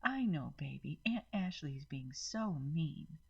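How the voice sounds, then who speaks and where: A woman's voice: a little high, animated, normal speed, husky, dull audio, pitched above the performer's own voice. A woman voicing an indignant, doting mother who snaps at her sister. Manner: sharp, indignant shouting.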